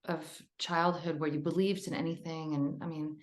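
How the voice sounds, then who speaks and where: A woman's voice: deep voice, level tone, moderate pace, echoey room. A woman author as a podcast guest, telling a personal story in an earnest, emotional, rambling way.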